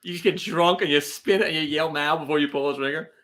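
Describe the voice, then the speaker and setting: A man co-hosting a podcast, jumping in with quick teasing jokes in casual chat. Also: on the high side, fairly even intonation, fairly bright tone. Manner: quick teasing interjections, laughs easily. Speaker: podcast co-host.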